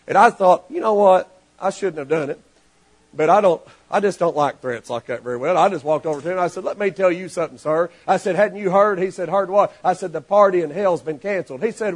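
With a high-sitting voice and a brisk delivery, a man preaches to his congregation as pastor. His sermon grows animated and climbs to shouting as he acts out the characters in his stories.

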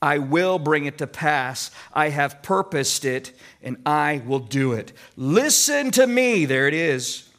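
Midwestern male pastor, raised voice, unhurried expository sermon with casual asides. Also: fairly high pitch, lively intonation, fairly bright tone. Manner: deliberate preaching, slows to stress scripture quotes; conversational asides to congregation.

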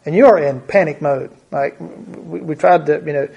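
A man's voice: fairly high pitch, moderate pace, creaky, husky, muffled recording. A man preaching a conversational Bible teaching, thinking aloud and often repeating his words.

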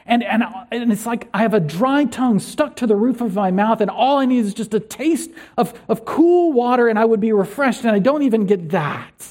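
A pastor preaching in an earnest, conversational way. The voice is mellow and a little breathy, and it often turns to searching questions for the listeners. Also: medium pitch, expressive, normal speed. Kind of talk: sermon.

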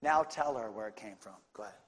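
A male pastor preaching a sermon, swinging from casual talk with the congregation to fervent shouting. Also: lowish voice, quick pace, a little hiss or hum. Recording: long hall reverb.

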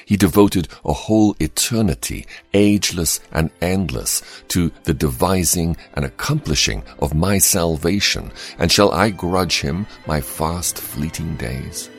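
A man giving a slow, solemn, earnest devotional reading, with measured emphasis. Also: low-pitched, gravelly, soft background music. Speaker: devotional reader.

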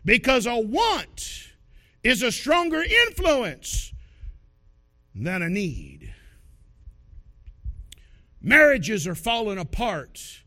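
A male pastor delivers his sermon as a folksy, animated story. His voice sits very high for a man, bright and sharp, and swings widely, with shouted bursts for emphasis. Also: very slow, long pauses.

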